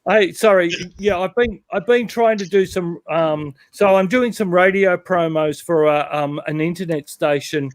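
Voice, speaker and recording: A man's voice: high-pitched, normal speed, hardly any pauses, no echo. A man with an Australian accent chatting casually about models and radio promos, rambling with plenty of ums. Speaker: guest on model railroad livestream. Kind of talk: casual chat.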